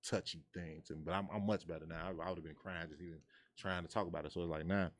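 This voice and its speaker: A man from Chicago in his thirties, telling stories in casual chat and acting out quotes in a high voice. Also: fast talker. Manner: animated storyteller, acts out quotes in a high voice. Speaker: guest.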